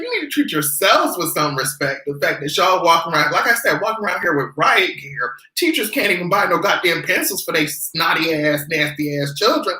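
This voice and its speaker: A vlogger ranting in casual commentary, profane and sarcastic, now and then slipping into high mocking voices. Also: animated, fairly quick, few pauses, pushed and bright, roomy sound, poor audio.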